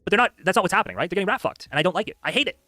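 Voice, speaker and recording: A man live-streaming casual commentary, talking rapidly with lots of filler words, tired from a long stream. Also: sits high, lively intonation, pushed and bright, dry recording, studio quality, faint music behind. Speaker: streamer reacting to clips.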